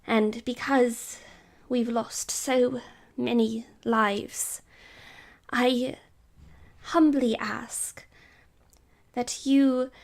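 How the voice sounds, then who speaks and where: A woman's voice: on the high side, vocal fry, full character voice. A woman voicing an elderly female brown squirrel in a tabletop game, speaking earnestly and with determination.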